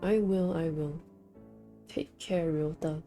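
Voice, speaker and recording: A woman's voice: low-pitched, steady tone, takes it slowly, dark tone, soft background music. A woman reading the lines of an earnest, slightly nervous young girl heroine in a visual novel.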